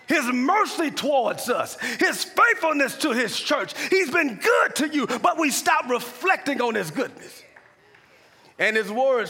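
A man preaching a sermon as pastor, calling to the congregation for responses and building to shouted climaxes. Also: very high voice, breathy edge. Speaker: pastor and chaplain. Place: large church hall. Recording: long hall reverb.

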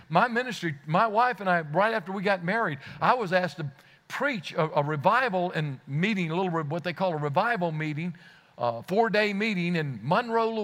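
A man's voice: high voice, fairly bright tone. A man preaching a sermon, telling a story earnestly and rising to fervent exclamations, often repeating words as he starts a phrase.

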